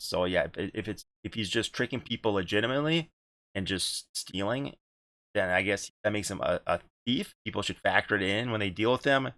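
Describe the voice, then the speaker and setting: A man's voice: fairly low pitch, fairly quick, bright, forceful tone, dry recording. A man hosting a casual gaming podcast, rambling and repeating himself, with casual swearing. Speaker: podcast host and streamer.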